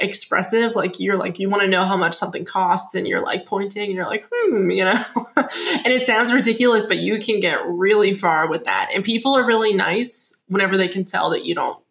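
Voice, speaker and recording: Woman, young adult, interview guest, chatty, filler-heavy, laughs often, medium pitch. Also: a bit bright. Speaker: podcast guest, digital nomad writer. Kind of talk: casual interview chat.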